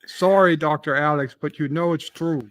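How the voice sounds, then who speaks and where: A man's voice: fairly high pitch, fairly even intonation, normal speed, no room sound. A man joining a livestream as a guest, joking and swearing in casual chat. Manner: joking, swears, puts on a mock Aussie accent.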